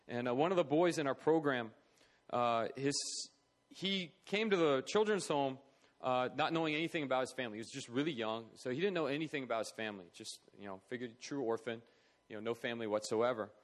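A middle-aged man, earnest and conversational, recounts a personal story at a charity talk. His pitch sits in an ordinary middle register, and his delivery feels plain and sincere. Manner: earnest, conversational, acts out quoted voices. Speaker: charity speaker.

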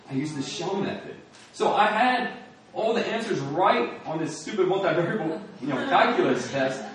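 A young man telling a personal story with lively retellings of scenes and frequent laughter. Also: medium pitch. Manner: animated storyteller, acting out scenes, laughing often. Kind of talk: personal testimony. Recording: echoey room from far off.

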